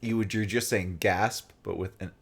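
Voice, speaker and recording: American male co-host, lowish voice, playful banter. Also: fairly even intonation, normal speed, gravelly. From United States. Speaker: let's play co-host. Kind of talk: casual chat.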